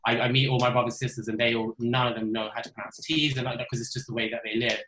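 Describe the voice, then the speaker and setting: A man's voice: mid-range voice, fairly even intonation, racing, sharp tone, roomy sound, slight background noise, low-quality recording. A young man from London with a London accent, chatting casually on a video-call panel with lots of fillers. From London, Isle of Dogs. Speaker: ethical designer, panel guest. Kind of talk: webinar panel discussion.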